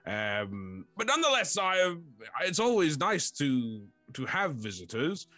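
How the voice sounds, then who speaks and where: A shy, lonely fort speaks in a genteel, stammering way, high and lilting, as a man puts it on in a tabletop game. The voice rises and falls a lot. The sound is dry and close, with faint music behind. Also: huge pitch swings, a little slow, bright, forceful tone, no echo, heavily acted. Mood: eager. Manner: genteel, old-fashioned, stammering. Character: lonely, shy talking fort, polite and fussy.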